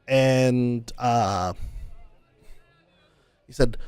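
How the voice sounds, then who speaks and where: A man narrating as game master in a casual, halting way. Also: mid-range voice, animated, smooth, dry recording.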